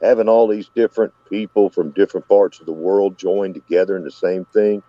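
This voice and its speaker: A man's voice: low voice, steady tone, fairly quick, no echo. A man with a Southern US accent hosting a casual live-stream chat, telling rambling stories. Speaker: host. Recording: dull lo-fi dry sound.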